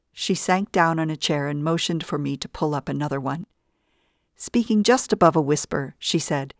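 Woman narrator, low voice, dry close sound, measured audiobook reading. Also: no echo. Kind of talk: first-person audiobook narration.

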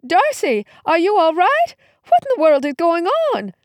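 A woman's voice: on the high side, big pitch swings, moderate pace, no echo, clean studio sound, pitched above the performer's own voice. A woman reading a storybook voices a frightened, devout middle-aged mother with a quavery, anxious voice. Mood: alarmed. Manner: anxious, pleading.

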